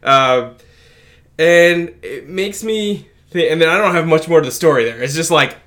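A man's voice: a little high, moderate pace, a bit bright. A man co-hosting a casual podcast, telling stories with lots of fillers and restarts. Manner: rambling, many fillers and restarts. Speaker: podcast co-host. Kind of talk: casual chat.

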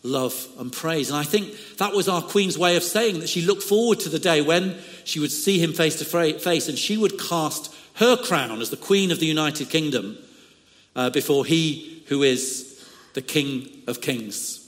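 A man preaching a sermon with slow, emphatic phrasing and frequent "uh" fillers. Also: fairly high pitch, long reverb tail.

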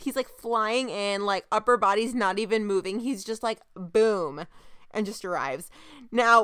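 A young woman casually recapping a TV episode as a podcast co-host, telling the plot in an animated, chatty way. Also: a little high, clean tone, dry recording, clean studio sound. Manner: chatty, animated retelling with quoted voices. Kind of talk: casual chat.

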